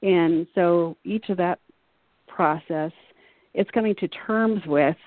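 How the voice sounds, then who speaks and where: A woman's voice: on the low side, takes it slowly, no echo. A woman as an interview guest, talking in an earnest, reflective, rambling way. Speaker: guest artist. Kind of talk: casual interview chat. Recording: dry tinny phone line.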